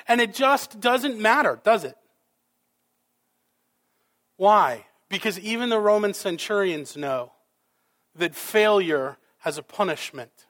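A male pastor preaching a sermon, dramatic, with rhetorical questions and swings between loud and soft. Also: high-pitched, unhurried, long pauses.

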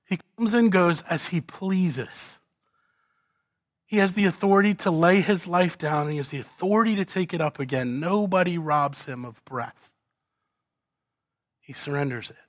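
Male preacher, dry close sound, goes from loud to hushed. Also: fairly high pitch, moderate pace, long pauses, no echo. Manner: dramatic swings from loud to hushed, rhetorical questions. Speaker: pastor. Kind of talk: expository sermon.

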